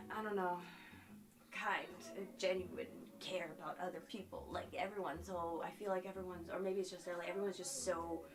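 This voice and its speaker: A woman live streaming and chatting casually with her viewers, talking emotionally with lots of fillers and swinging between tears and giggles. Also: mid-range voice.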